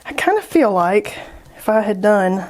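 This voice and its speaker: A woman's voice: mid-range voice, big pitch swings, measured pace, darkish tone. A woman making an art vlog, chatting and joking as she paints, laughing often and easily. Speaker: art YouTuber.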